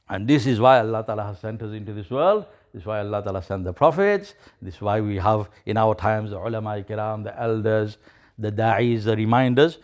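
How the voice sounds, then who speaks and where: Man preaching an evening sermon. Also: medium pitch. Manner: storytelling, rising to emphatic preaching.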